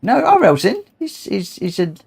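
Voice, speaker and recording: A man's voice: high voice, huge pitch swings, moderate pace, creaky, breathy edge. A tired man hosting a long charity gaming livestream, chatting casually, rambling and repeating himself as he gets emotional. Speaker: livestream host.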